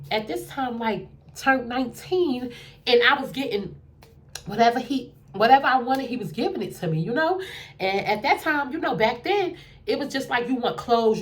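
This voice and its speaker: A young adult woman telling a dating story in a casual, animated way, acting out what people said in a lowered voice. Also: a little hiss or hum.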